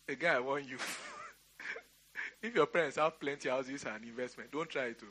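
A man's voice: medium pitch, pushed and bright. A middle-aged Nigerian man preaching a sermon, giving emphatic commands and laughing through a storytelling aside. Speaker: pastor. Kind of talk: sermon with personal anecdote.

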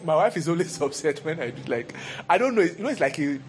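A pastor preaching a sermon in an animated, humorous way, full of rhetorical questions. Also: male voice, on the high side, quick pace, slight background noise.

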